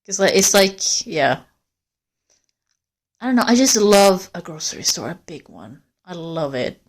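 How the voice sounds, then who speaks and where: A woman livestreaming on a walk through a forest, chatting casually to viewers in a rambling, swearing way. She is cold, and her voice rises and falls in loudness as she walks. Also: lowish voice, very animated, measured pace. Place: outdoors in a forest.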